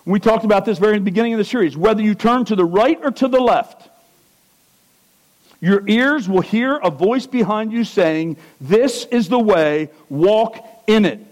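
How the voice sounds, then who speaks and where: A high-voiced man preaching a sermon. He rises to loud, ringing exclamations, then sinks into quiet, low-pitched earnestness. He keeps putting questions to the congregation. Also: normal speed, low-quality recording.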